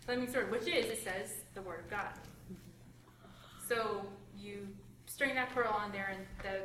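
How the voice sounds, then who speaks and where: A woman's voice: medium pitch, unhurried, a bit bright. Woman explaining scripture in an echoey room. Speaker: Bible study participant. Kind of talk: group discussion. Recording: roomy, distant mic with noise.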